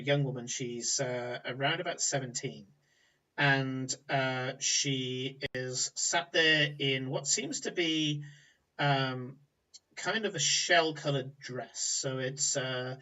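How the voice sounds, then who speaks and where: A man narrating a tabletop game as game master, rambling with many pauses and fillers. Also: on the high side, pushed and bright, recorded from a distance, highs cut off. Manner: rambling, hesitant, filler-heavy.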